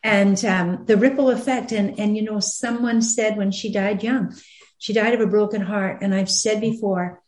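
A woman hosting an interview, talking earnestly and with emphasis, slowing down on heavy points. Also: mid-range voice, steady tone, darkish tone. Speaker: host. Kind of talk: conversational interview. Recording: roomy echo.

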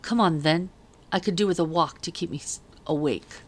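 A woman voicing a tired male soldier on guard duty who talks slowly and offhandedly. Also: lowish voice, lightly acted. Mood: weary.

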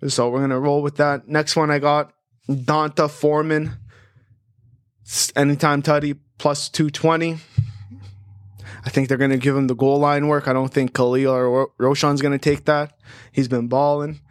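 A man hosting a sports betting podcast in a chatty, animated way, rattling off stats and odds. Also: fairly high pitch, clear, resonant tone, dry recording, studio quality. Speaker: host.

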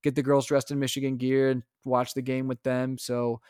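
A young adult man co-hosting a casual podcast, recounting a chaotic day with animated storytelling. His voice sits at a middle pitch and is recorded dry and close, with no room sound. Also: moderate pace, smooth, no echo. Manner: animated storytelling, acts out his own lines. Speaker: podcast co-host, father. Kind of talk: casual chat.

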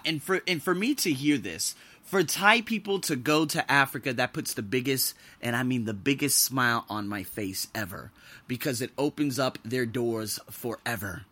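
A man, likely in his twenties, hosting a podcast and telling a personal story in a casual, excitable way, with loud exclamations and some profanity. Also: normal speed. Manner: animated, swings between loud exclamations and low asides. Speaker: podcast host.

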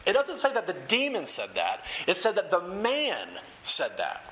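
A man's voice: high-pitched, huge pitch swings, moderate pace, pushed and bright, a little hiss or hum, low-quality recording. A young man preaching a sermon to a seated crowd, in an earnest, conversational way that repeats and restates phrases. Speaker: campus ministry speaker. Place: room with rows of chairs.

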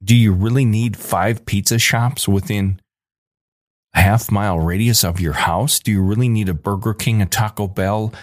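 A man's voice: fairly low pitch, steady tone, normal speed, no room sound, clean studio sound. A man in his forties delivering an angry, emphatic ranting monologue as a podcast host.

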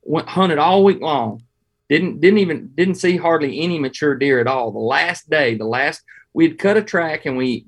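A Southern-accented man from Georgia talks in a fairly high, bright voice for a man. He spins hunting yarns with a folksy, animated delivery and chuckles through them, in a relaxed interview chat. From Georgia, USA. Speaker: hunting guest. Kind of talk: casual interview storytelling.

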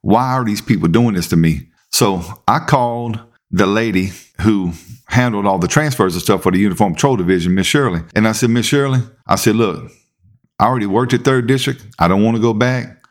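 A man with a very low voice tells a workplace story in an easy, casual way. He acts out the lines of the other people in it, jumping higher in pitch for each quote. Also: fairly quick. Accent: Southern US. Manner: animated, acts out quoted dialogue. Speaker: podcast host and police officer.

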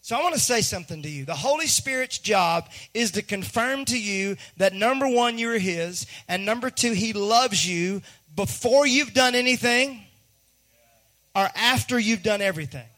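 A man pastor, preaching a sermon in an animated way, dropping to a hush and then rising to a shout. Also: sits high, normal speed. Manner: animated, swings from hushed to shouting, acts out voices.

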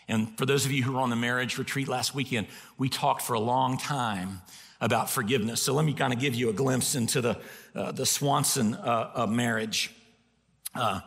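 Man, pastor, sermon, animated self-mocking storyteller, bright sharp tone, long hall reverb. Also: on the high side, gravelly.

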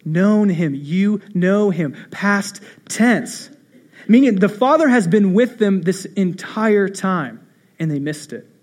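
Young male pastor with a high voice, storytelling sermon, shifts from quiet to punchy. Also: lively intonation, slow pace. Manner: storytelling with rhetorical questions, swinging between hushed and emphatic.

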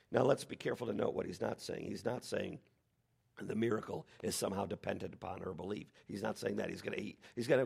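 A man preaching a sermon as pastor, animated, with dramatic quoted lines. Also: mid-range voice, gravelly, slightly rough.

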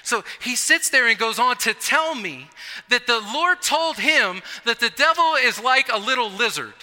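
A male pastor preaching a relaxed, joking sermon in a church. His voice sits high and very bright, with many restarts and asides. A long hall reverb trails every phrase. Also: unhurried. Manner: conversational, humorous, repeats and restarts. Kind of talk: sermon with personal story.

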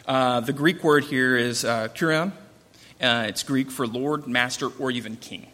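Male Bible teacher, relaxed and conversational, with long reverb from the hall. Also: medium pitch. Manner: conversational, with frequent fillers and restarts.

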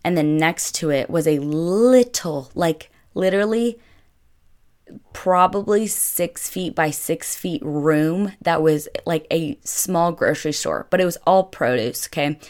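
A woman's voice: low voice, a little slow, a little mellow. A young woman telling a travel story in a chatty vlog, filling her talk with constant "like". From United States. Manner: chatty, filler-heavy with constant "like". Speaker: vlogger. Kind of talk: casual storytelling.

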